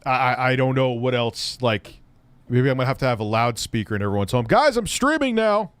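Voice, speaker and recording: A man's voice: mid-range voice, flat delivery, brisk, smooth, no echo. A man hosting a casual livestream, rambling and wry, swearing now and then. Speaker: livestream host reacting to an old news clip.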